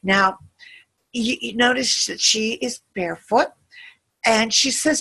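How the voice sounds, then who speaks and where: A woman with a bright, forward voice and a husky edge to it talks listeners through a guided visualization. She speaks gently and soothingly, drifting between imagery and casual asides. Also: medium pitch, expressive, normal speed. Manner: meandering, gentle, soothing storytelling. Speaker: meditation guide.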